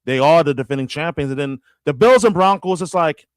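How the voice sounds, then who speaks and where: A man in casual sports talk, animated and often restarting his sentences with stammered repeats. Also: on the high side, fairly quick, clean tone, no echo, clean studio sound. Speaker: radio host guest.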